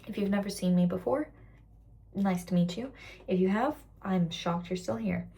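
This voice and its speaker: Young woman with a mixed british-american accent, kinda husky, rambly after-work vlog rant, drops to whispers a lot. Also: mid-range voice, moderate pace. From raised internationally, living in Britain. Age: about 20. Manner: rambling and candid, slipping into soft whispers. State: tired after a work shift. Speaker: waitress vlogger.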